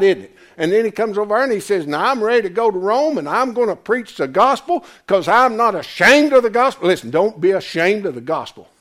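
An older man preaching a folksy, emphatic sermon, swinging from loud to quiet. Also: high-pitched. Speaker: pastor.

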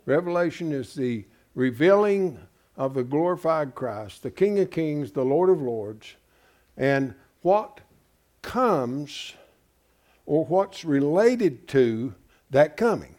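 A man's voice: a little high, lively intonation, slow, a little mellow. A man preaching a Bible-study sermon, emphatic and folksy, often asking his congregation rhetorical questions. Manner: folksy, calls listeners "folks".

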